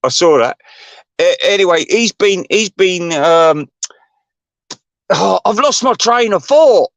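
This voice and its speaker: A man rambles through a gossipy, foul-mouthed rant as host of his own channel, always drifting off on tangents. His voice sits on the higher side for a man. The sound is close and dry, with no room around it. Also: animated, takes it slowly, creaky, fairly bright tone, no room sound. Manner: gossipy, profane and digressive.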